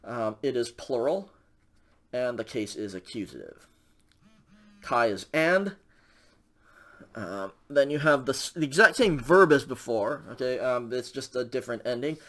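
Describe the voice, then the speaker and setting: A man's voice: medium pitch, lively intonation, unhurried, long pauses, fairly bright tone. A man teaching a recorded language lecture, walking through grammar patiently with frequent ums and okays. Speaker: Greek instructor.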